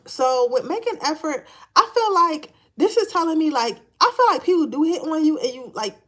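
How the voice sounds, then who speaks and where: A woman's voice: high-pitched, expressive, moderate pace, a bit bright. Chatty, slangy woman reading tarot. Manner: chatty, slangy, laughs often. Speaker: tarot card reader. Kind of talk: casual live-stream reading.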